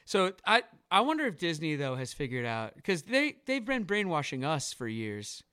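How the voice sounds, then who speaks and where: Bright-voiced joking podcast dad. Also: male voice, on the high side, moderate pace, clean tone, no room sound, studio quality. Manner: animated, joking, laughs often. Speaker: podcast co-host. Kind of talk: casual chat.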